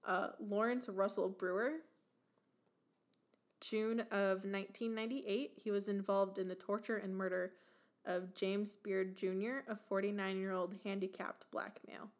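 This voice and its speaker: A woman co-hosting a casual podcast, her voice sitting in an ordinary middle range. She reads items off a list in an even, chatty way and breaks into laughter often. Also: mid-range voice, unhurried. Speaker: podcast co-host.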